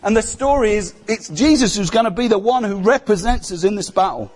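A man's voice: high voice, brisk, darkish tone. A man preaching a sermon in a conversational way, often putting rhetorical questions to the congregation.

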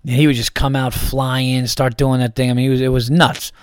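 A man's voice: medium pitch, flat delivery, fairly quick, clear, resonant tone, no echo, clean studio sound. A man hosting a podcast in a casual comedic monologue, rambling and profane with lots of restarts. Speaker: podcast host.

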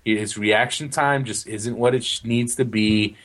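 A man's voice: fairly low pitch, fairly even intonation, measured pace, fairly bright tone. Rambling male soccer podcast co-host. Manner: rambling, frequent restarts and "you know what?". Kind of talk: casual soccer podcast chat.

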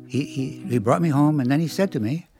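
A man's voice: a little high, a little fast, dark tone, breathy edge, no echo, studio quality, faint music behind. A man voicing an exasperated adult woman who complains emphatically about men.

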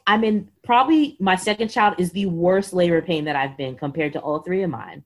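A woman's voice: on the low side, fairly quick. A woman in her thirties telling a personal story as a podcast guest, acting out what others said and filling her speech with "like.". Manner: animated, acts out quotes, says "like" a lot. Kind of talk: casual storytelling.

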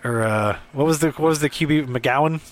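A man's voice: fairly high pitch, a little fast. A man with a Chicago accent co-hosting a podcast in casual chat, laughing often and restarting his sentences. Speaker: podcast co-host.

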